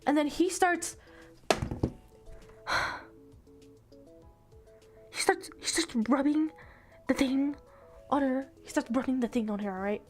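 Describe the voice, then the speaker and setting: A woman's voice: sits high, expressive, moderate pace, faint music behind. A female streamer giving casual commentary, exasperated and swearing a lot.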